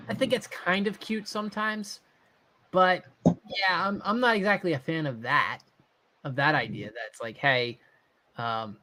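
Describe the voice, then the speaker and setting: Hesitant man with a slightly high voice. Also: fairly bright tone. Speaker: guest. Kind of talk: casual chat.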